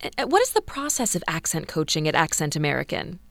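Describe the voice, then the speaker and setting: A woman radio host with a somewhat low voice, reading smooth, polished introductions and questions. The sound is dry and close. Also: huge pitch swings, a little fast, fairly bright tone, dry recording. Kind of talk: scripted radio interview.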